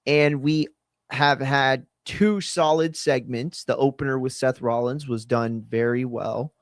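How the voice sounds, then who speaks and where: A man talks through a live broadcast in loose, rambling commentary. He keeps stopping to correct himself and circles back to his points. His voice sits at a middling pitch and sounds close and dry, with no room echo. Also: moderate pace. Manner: rambling, self-correcting, conversational. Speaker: host. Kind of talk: live watch-along commentary.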